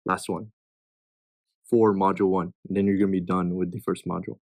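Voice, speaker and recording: A man's voice: sits low, flat delivery, brisk, no echo. A young man tutoring test questions in a casual way, reading each answer choice and thinking aloud as he rules it in or out.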